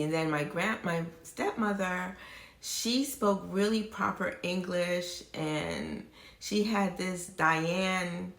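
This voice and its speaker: A woman's voice: lowish voice, vocal fry, echoey room. A woman from the United States, a beauty YouTuber, chatting casually to viewers in a rambling, digressive way. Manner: rambling and warm, with many restarts and digressions. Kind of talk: casual chat to viewers on a live stream.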